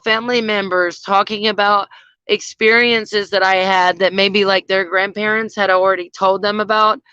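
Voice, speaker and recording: A woman's voice: mid-range voice, steady tone, moderate pace, pushed and bright, clean tone, no room sound. A woman vlogger chatting casually to her viewers, gushing and full of fillers. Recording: slightly dull lo-fi sound.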